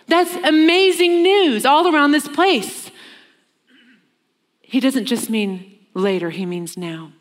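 A woman preaching a sermon in an earnest way, slowing down for emphasis and acting out the lines she quotes. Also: high voice. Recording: long reverb of a large hall.

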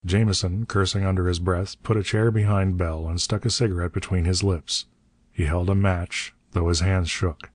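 A man narrating an adventure audiobook in a measured, steady reading. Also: low voice, no room sound.

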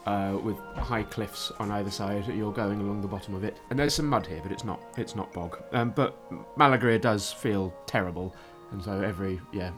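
A man's voice: on the low side, normal speed, few pauses. A man narrating a tabletop game as game master, describing scenes with frequent restarts. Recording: background music under the voices.

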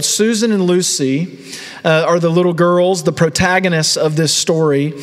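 A man in his thirties preaching a sermon as a pastor, telling a story and acting out the voices in it. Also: a little high. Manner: storytelling, acts out quoted voices. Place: church hall. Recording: long reverb of a large hall.

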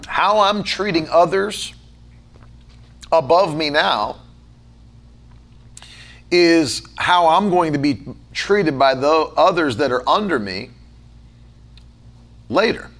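A man delivers a sermon in a somewhat high voice. He tells stories in a chatty way, full of fillers. Then he drives his points home with repeated words in rhythmic lists. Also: animated, slow, long pauses, a bit bright. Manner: conversational storytelling with fillers. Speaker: pastor.

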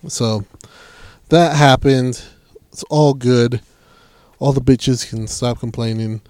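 A man's voice: medium pitch, fairly even intonation, slow, darkish tone, smooth, dry recording, clean studio sound. A man telling a work story in casual chat, swearing a lot and acting out his coworkers' lines.

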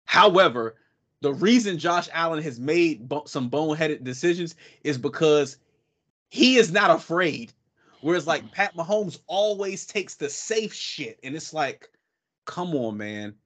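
A man co-hosting a casual sports podcast, talking in an animated, profane way and breaking into quick impressions of people. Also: fairly high pitch. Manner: animated, profane, mimics voices mid-rant. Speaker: podcast co-host.

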